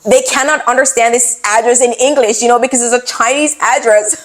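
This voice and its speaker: A young adult woman vlogger telling a personal story in a casual, expressive, animated way. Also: fairly high pitch, a little fast.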